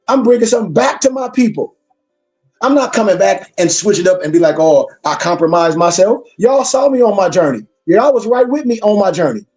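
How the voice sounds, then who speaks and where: A man's voice: extremely high pitch, mellow. A man lecturing his class as a minister, emphatic and preacherly, repeating his points for weight.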